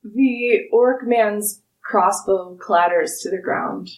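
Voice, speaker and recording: A woman narrating as game master of a tabletop game, describing scenes slowly and with relish. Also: mid-range voice. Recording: roomy, distant mic.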